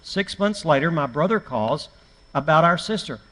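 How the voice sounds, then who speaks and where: Middle-aged man, preacher, high-ish voice, folksy anecdotal class talk with dry self-mockery, long church-hall reverb. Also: lively intonation, normal speed, a bit bright. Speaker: preacher teaching a grief class.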